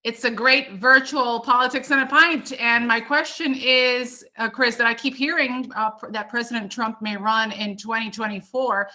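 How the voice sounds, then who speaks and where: A woman calling in with a question, speaking slowly and emphatically. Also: a little high, fairly even intonation, sharp tone. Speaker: caller. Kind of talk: asking a question on a call-in.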